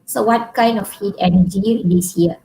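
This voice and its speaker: A woman's voice: mid-range voice, moderate pace, mellow, a little hiss or hum, rough recording. A middle-aged woman with a Malaysian accent teaching an online physics class, patiently repeating points and quizzing her students.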